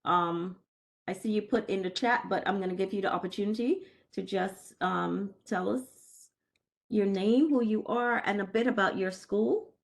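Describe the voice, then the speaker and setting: A woman chairing a committee on a video call, asking friendly, brisk questions. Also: medium pitch, creaky. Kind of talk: chairing a virtual meeting. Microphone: video call mic.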